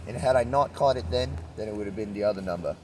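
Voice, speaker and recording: Rambling low-voiced man outdoors. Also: quick pace, a little mellow, slight background noise. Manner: rambling, laid-back, swears casually. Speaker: traveling vlogger. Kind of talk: rambling spiritual monologue. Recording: outdoor street recording from a distance.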